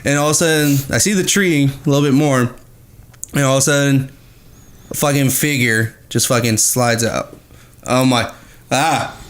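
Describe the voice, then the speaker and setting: A man's voice: medium pitch, moderate pace, a bit bright. A man telling a paranormal story in casual podcast chat, swearing constantly and acting out the sounds he heard.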